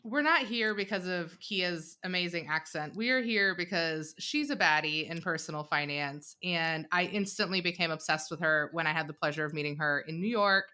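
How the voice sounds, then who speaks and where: A woman in her thirties co-hosting a casual podcast, playful and quick to laugh, talking straight to listeners. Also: lowish voice, bright, forceful tone. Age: 30s. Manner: playful, laughs often, addresses listeners as y'all. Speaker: podcast co-host.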